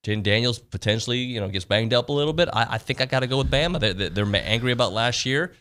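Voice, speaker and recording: A man's voice: mid-range voice, lively intonation, fast, a bit bright. A man co-hosting a casual sports talk radio show, giving easygoing, matter-of-fact game picks.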